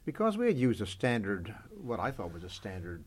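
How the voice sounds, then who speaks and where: Male voice performer, interview guest, animated anecdotes, very lively pitch. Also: fairly quick, husky. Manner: animated, laughing storyteller.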